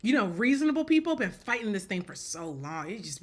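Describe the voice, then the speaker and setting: A woman's voice: on the high side, very animated, fairly quick, hardly any pauses, slight background noise. A woman giving casual spoken commentary in a blunt, joking way, often repeating herself and breaking into laughter. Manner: repeats and restarts phrases.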